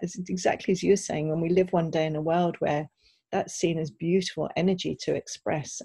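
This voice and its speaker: A woman's voice: deep voice, creaky, mellow, husky, dry recording. A woman co-hosting a parenting podcast, explaining ideas in an earnest, reflective way. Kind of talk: casual podcast conversation.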